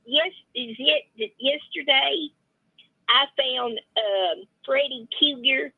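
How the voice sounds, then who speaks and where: A woman with a high, breathy voice calls in to chat. She talks slowly, giggles, and trips over her words. The call comes through a tinny phone line with a dry sound. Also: dry recording. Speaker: caller.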